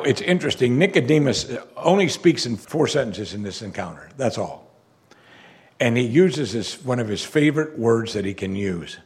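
A man preaching a sermon, animated and rhetorical, repeating lines and exclaiming for emphasis. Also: medium pitch, slightly rough.

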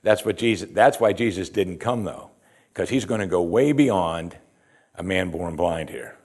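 A man with a low, darkish voice that has a breathy edge preaches in an animated yet unhurried way. In this verse-by-verse Bible sermon he reads scripture and explains it, asking rhetorical questions and saying "you see" again and again.

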